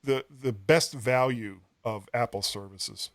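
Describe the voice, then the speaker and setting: A man's voice: mid-range voice, slow, a bit bright, no room sound, studio quality. Chuckling American man rambling about games. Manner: rambling, chuckling, self-deprecating. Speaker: podcast co-host. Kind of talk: casual tech podcast chat.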